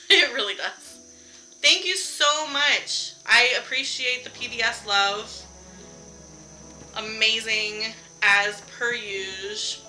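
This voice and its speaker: Gaming live from home, this young streamer chats easily with her audience, laughing a lot and cursing mildly. She has a mid-range voice with a sharp tone, heard through a rough recording.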